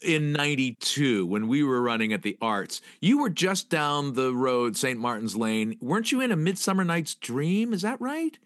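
A man interviewing a guest, asking questions in a relaxed, conversational way. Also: medium pitch, normal speed, few pauses, no echo, clean studio sound.

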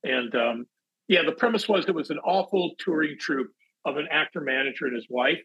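Guy telling showbiz stories, kinda husky, slightly high voice, dull lo-fi sound. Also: a little fast. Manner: animated storyteller, acts out quotes in big voices. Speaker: actor, interview guest. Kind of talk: casual anecdotal chat.

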